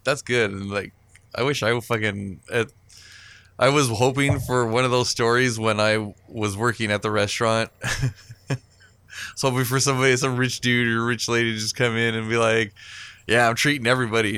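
A man's voice: mid-range voice, steady tone, moderate pace, pushed and bright, smooth, no echo. A man co-hosting a casual podcast, swearing freely and laughing at his own jokes. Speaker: podcast co-host. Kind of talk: crude casual banter.

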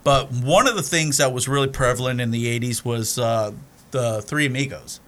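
Animated man retelling movie scenes. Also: medium pitch, normal speed. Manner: animated storyteller, acts out scenes. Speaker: podcast co-host. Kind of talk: casual chat about movies.

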